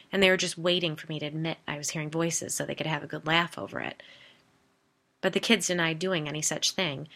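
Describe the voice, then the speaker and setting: Lady reading a blunt folksy middle-aged guy in a story, low gravelly voice. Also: sharp tone. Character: middle-aged man, homeowner, gruff and plainspoken.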